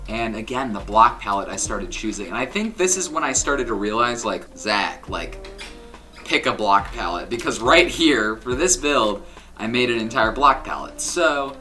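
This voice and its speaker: A man's voice: medium pitch, pushed and bright. A young man casually commenting on his old game builds in a rambling, self-critical way, full of ums and likes. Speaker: Minecraft builder and YouTuber.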